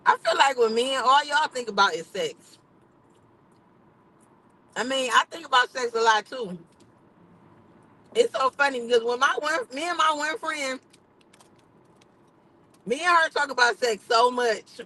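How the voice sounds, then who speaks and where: A woman's voice: high-pitched, expressive, unhurried, long pauses, pushed and bright, low-quality recording. A woman hosting her own livestream, chatting candidly and with plenty of swearing and laughter. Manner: candid, profane, laughs often. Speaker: livestream host. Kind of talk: casual livestream chat.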